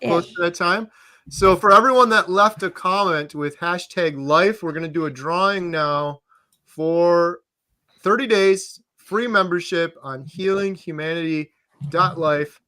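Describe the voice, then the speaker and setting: A man hosting a casual live Q&A stream, upbeat and quick to laugh. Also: sits high, pushed and bright, no echo. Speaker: livestream host.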